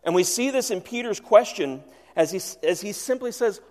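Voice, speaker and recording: Male pastor, earnest sermon delivery, higher voice, long reverb. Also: animated, normal speed. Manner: earnest, swings from loud to hushed.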